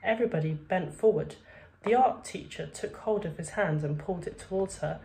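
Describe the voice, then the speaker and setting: Lady reading a kids book out loud, kinda low voice, steady and expressive. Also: normal speed. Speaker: reader. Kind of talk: storybook read-aloud.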